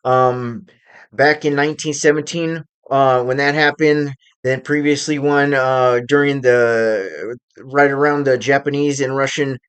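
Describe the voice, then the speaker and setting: A man hosting his own channel, giving casual, unscripted commentary on current events and pausing often to find his words. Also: medium pitch, steady tone, fairly bright tone, clean tone. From United States. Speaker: channel host.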